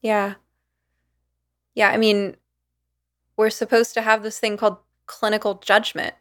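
A woman hosting an interview who speaks as a clinician, measured and thoughtful in her responses. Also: medium pitch, level tone, a bit bright. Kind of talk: conversational interview.

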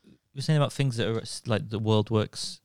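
A man's voice: lowish voice, brisk, a crowd in the background. A man, co-hosting a casual comedy podcast and telling stories while laughing between lines. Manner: animated storyteller who keeps laughing mid-sentence. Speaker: podcast co-host.

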